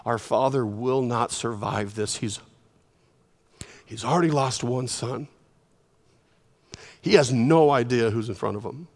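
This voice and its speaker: A man voicing a desperate grown man who begs, in a hushed, pleading tone. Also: mid-range voice, unhurried, pauses often, voice pushed down. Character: desperate grown man begging for his brother.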